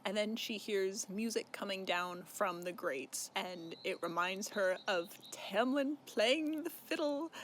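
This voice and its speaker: A man's voice: sits high, slow, hardly any pauses, fairly bright tone, a little hiss or hum. A young man casually recapping a novel, chatty and swearing freely. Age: young adult. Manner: chatty, swears, laughs while recounting. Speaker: book vlogger.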